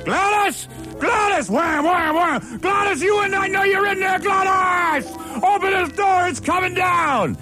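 A man's voice: very high voice, a little slow, raised voice, voice pushed up. A man voicing an angry neighbor who screams and bangs on a door. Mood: screaming. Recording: music playing underneath.

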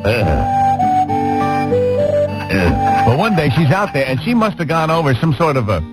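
A man's voice: a little high, sing-song, normal speed, long pauses, low-quality recording. A man hosting a radio show, telling leering, rambling bawdy stories with chuckles. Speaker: radio host. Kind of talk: bawdy comedic radio talk. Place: radio studio. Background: music bed.

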